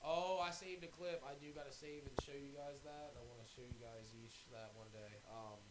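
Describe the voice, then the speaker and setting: A man hosting a podcast in casual chat, telling stories in an animated, profane way and acting out what people said. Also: medium pitch, normal speed, noisy background. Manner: animated, profane storytelling with acted-out quotes. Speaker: podcast host.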